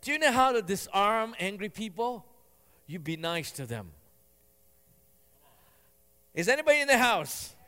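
Male pastor, higher voice, animated sermon delivery with slow emphatic scripture reading; long reverb of a big hall. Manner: animated, acts out quotes in raised voice.

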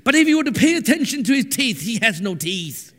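A man preaching a sermon, telling stories with animated swings from hushed to shouting. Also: extremely high pitch, brisk. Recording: echoey hall with long reverb.

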